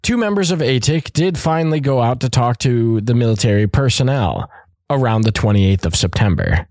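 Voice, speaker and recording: A man's voice: medium pitch, lively intonation, moderate pace, a little mellow, no room sound, clean studio sound. A man hosting a podcast who reads out a story in a casual way, with asides and joking and some swearing. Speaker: podcast host.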